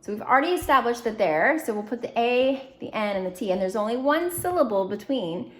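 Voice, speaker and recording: A woman's voice: a little high, animated, a bit bright. Encouraging woman teaching phonics. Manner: slow, clear, encouraging drill prompts. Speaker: reading teacher. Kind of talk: phonics lesson to young students.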